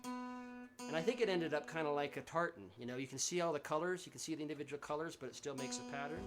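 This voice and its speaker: A man's voice: fairly high pitch, lively intonation, fast, over music. A man, a singer-songwriter from Central Texas, chatting casually between songs during a livestream concert from home, rambling and friendly with plenty of fillers and restarts. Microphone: livestream setup.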